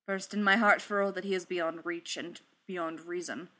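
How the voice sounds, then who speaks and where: A woman reading aloud, voicing a grave, proud male warrior god who speaks in a formal, old-fashioned way, low and quiet. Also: steady tone, normal speed, natural voice. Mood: sorrowful.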